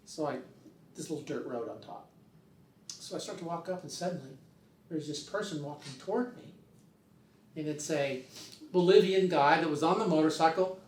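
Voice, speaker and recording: Older guy rambling through a story, kinda higher voice, roomy echo, far from the mic. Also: normal speed, pauses often, a little hiss or hum. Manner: rambling, acts out the other people's voices. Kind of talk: casual spoken storytelling. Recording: roomy sound, distant from the mic.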